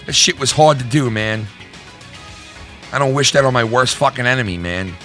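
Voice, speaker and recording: A man's voice: mid-range voice, lively intonation, normal speed, bright, forceful tone, faint music behind. A middle-aged man hosting his own channel, ranting in a heated, profane way and repeating himself. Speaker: YouTube channel host. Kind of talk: vlog rant to viewers.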